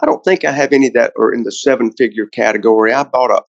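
A man's voice: mid-range voice, fairly even intonation, fast, vocal fry, no echo, lo-fi sound. A man, a car collector guest on a podcast, telling a long story in a casual, rambling way with many restarts.

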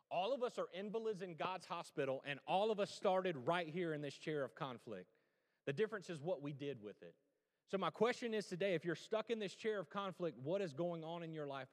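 A man's voice: fairly high pitch, in a large hall. A male pastor preaching a sermon, telling a story and asking his listeners questions. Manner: storytelling, animated, asks the crowd questions. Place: church sanctuary.

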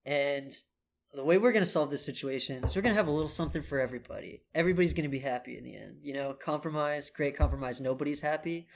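A man's voice: on the high side, quick pace, creaky. A young man co-hosting a podcast, giving playful joking advice in casual banter. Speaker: podcast co-host.

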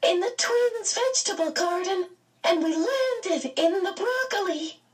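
A woman voicing a small boy in a storybook, crying out in a high, childlike voice. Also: lively intonation, measured pace, distant mic. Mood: giggly. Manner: high, sobbing, childlike cries. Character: small boy, tearful and overjoyed.

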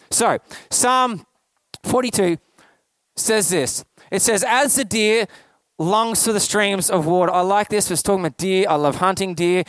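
A man with a high voice preaches a casual, conversational sermon in a dry, close-sounding recording. He slips in joking asides and slows down when he reads scripture. When he explains, he often repeats himself and restarts phrases. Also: fairly bright tone, no room sound. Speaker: pastor.

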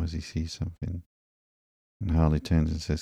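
A man hosting a podcast, narrating comic books slowly and drowsily in a calm, unhurried way. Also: a bass voice, creaky, breathy edge, dry recording, clean studio sound. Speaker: podcast host. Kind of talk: slow, sleepy comic book narration.

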